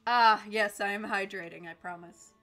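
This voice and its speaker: A woman's voice: medium pitch, steady tone, moderate pace, bright, forceful tone, faint music behind. A young woman chatting casually while streaming a game, giggling often.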